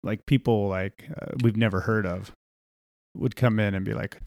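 A man's voice: on the low side, steady tone, normal speed, gravelly, a little mellow, no room sound, studio quality. A man co-hosting a podcast in casual conversation, hesitant and full of fillers. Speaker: podcast co-host.

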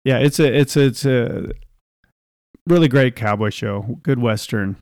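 A man's voice: medium pitch, measured pace, darkish tone, dry recording, clean studio sound. A man hosting a podcast, casually and animatedly retelling film scenes with frequent laughs. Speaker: podcast host. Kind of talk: casual chat.

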